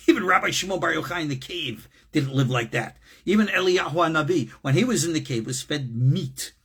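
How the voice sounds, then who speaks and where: A man's voice: on the high side, expressive, normal speed, a bit bright, slightly rough. A man, a rabbi, giving a recorded lesson in an emphatic, conversational way with casual asides. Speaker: rabbi teaching. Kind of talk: recorded lecture.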